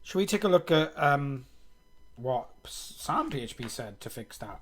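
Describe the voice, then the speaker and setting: A man's voice: mid-range voice, sing-song, moderate pace, a bit bright. A man streaming himself coding live, thinking aloud, reading code under his breath and poking fun at himself. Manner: muttering, self-mocking, reads code aloud.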